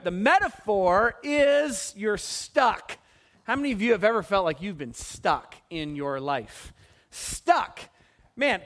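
A man preaching a sermon as pastor, animated and putting questions to the congregation. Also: high voice.

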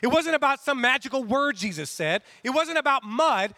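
A man preaching a sermon in a casual, conversational way, acting out quotes with animated asides. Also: very high voice, normal speed, no room sound. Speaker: pastor.

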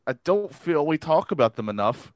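A man's voice: fairly high pitch, big pitch swings, normal speed, dry recording. Rambling man with lots of fillers. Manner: rambling, many fillers and restarts. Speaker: podcast host. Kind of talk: casual chat.

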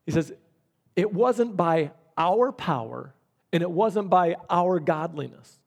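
Earnest male preacher, slightly high voice. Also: animated, slow pace, vocal fry, a little mellow. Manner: earnest, storytelling with many restarts. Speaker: pastor. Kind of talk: sermon with personal story.

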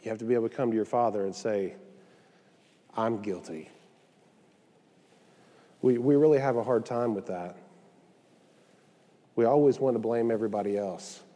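A man's voice: mid-range voice, fast talker, pauses often, mellow, in a large hall. Man preaching conversationally with joking asides. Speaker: pastor. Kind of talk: sermon.

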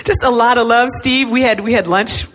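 A middle-aged woman giving a personal testimony message, telling her story with animated, self-mocking energy. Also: moderate pace. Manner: animated storytelling, swings into high excited self-mockery. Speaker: speaker.

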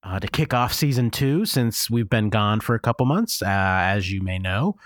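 A man's voice: lowish voice, lively intonation, normal speed, no room sound, clean studio sound. A man from Scranton, Pennsylvania, co-hosting an improvised comedy podcast, teasing and needling his partner. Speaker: podcast co-host.

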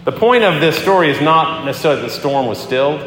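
A man preaching a sermon as a pastor, talking in a conversational, animated way as he tells a story and acts out the quotes. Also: a little high, fast, slight background noise. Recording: echoey hall with long reverb.

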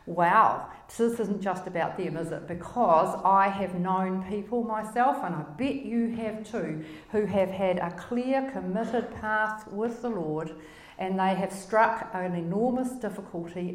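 A woman with a crackly, medium-pitched voice delivers a conversational sermon, teaching from the Bible at an unhurried pace. She is emphatic and asks many rhetorical questions, and the recording has a roomy echo.

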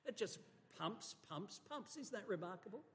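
A man gives a sermon from the pulpit. His voice sits high and he leans hard on key words, then drops away quietly. The sound carries the long reverb of a church hall. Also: lively intonation, normal speed. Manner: emphatic, varies volume for effect, occasional stumbles. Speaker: pastor.

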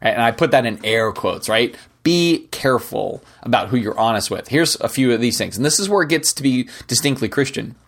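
A man's voice: medium pitch, animated, brisk, creaky, few pauses, fairly bright tone. A middle-aged man hosting a podcast, giving an earnest, conversational Christian teaching that often ends points with "right?". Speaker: podcast host. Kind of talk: casual Christian teaching monologue.

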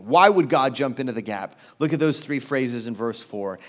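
A man preaching a sermon as pastor, emphatic and conversational, swinging from loud urgency to quiet low stretches. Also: animated, normal speed, few pauses. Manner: conversational, self-deprecating asides.

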